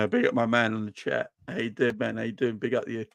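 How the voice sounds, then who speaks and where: A man hosting a football fan livestream from home at night, swearing freely, talking loudly and repeating himself as he rants to his chat. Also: medium pitch, fairly even intonation, brisk, vocal fry, dry recording. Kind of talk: casual ranting livestream chat. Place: home at night, kids asleep.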